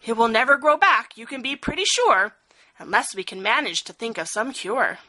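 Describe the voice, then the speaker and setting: A woman's voice: fairly high pitch, expressive, normal speed, pushed and bright. A woman voicing a wise, determined old male elephant in a storybook reading, earnest in manner.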